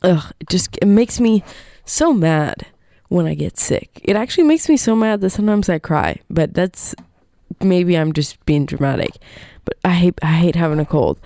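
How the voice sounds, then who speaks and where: A young woman hosts a campus radio show while congested from a cold. She rambles through announcements with plenty of ums at an unhurried pace. Her voice is mellow and smooth, close and dry on a studio mic. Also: lowish voice, no room sound. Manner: chatty, rambling with many ums. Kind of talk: casual campus radio hosting. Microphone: studio microphone.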